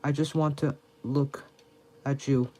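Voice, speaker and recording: A man's voice: mid-range voice, little pitch movement, slow pace, darkish tone. A man voicing a shy, bookish girl who grows flustered and obsessive, reading game dialogue aloud with hesitant stops. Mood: breathless.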